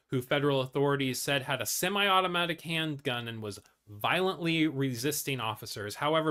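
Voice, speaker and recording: Male news commentary host, bright and slightly high voice, reads articles, blunt profane asides, lots of ums. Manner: blunt and profane, many fillers and restarts. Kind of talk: casual news commentary, reading articles aloud.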